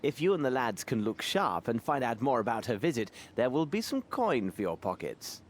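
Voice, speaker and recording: A man's voice: mid-range voice, big pitch swings, slight background noise, natural voice. Man voicing a composed Victorian detective. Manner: measured, formal speech.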